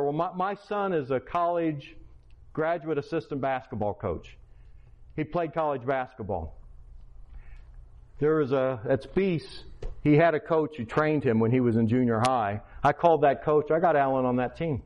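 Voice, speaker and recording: A man gives a lively, conversational testimony, switching into voices for the people in his story. His voice sits fairly high and the recording sounds a little muffled. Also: moderate pace. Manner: animated, acts out quotes, conversational. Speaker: teacher and lay preacher.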